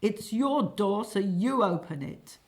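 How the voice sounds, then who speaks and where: A woman's voice: mid-range voice, lively intonation, slow, pitched above the performer's own voice. A woman voicing a sarcastic, defensive hired killer who bickers in a comic stage play.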